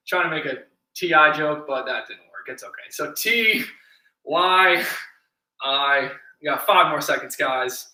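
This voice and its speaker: A man's voice: fairly high pitch, measured pace, pushed and bright. A man leading a live-streamed workout class, upbeat and encouraging, counting reps aloud and a little out of breath. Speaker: fitness instructor. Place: indoor room, home workout stream. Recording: echoey room, distant mic.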